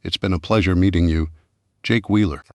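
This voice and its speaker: A man's voice: sits low, a little fast, dry recording. A man voicing a polite, composed young woman TV reporter in an audiobook. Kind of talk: audiobook character voice.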